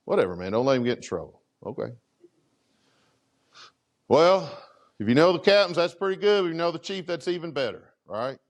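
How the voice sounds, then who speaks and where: A man's voice: brisk, pauses often. A middle-aged man, a fire chief, telling a story to a conference audience in a casual, conversational way. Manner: animated, conversational, acts out dialogue with big pitch swings. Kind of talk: storytelling keynote talk. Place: conference presentation room.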